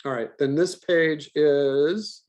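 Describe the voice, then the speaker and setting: Guy teaching a class, kinda high voice, rambles and repeats himself a lot. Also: steady tone, slow, darkish tone. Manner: rambling, repeats words, many fillers. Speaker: voice acting teacher. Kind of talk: classroom lecture.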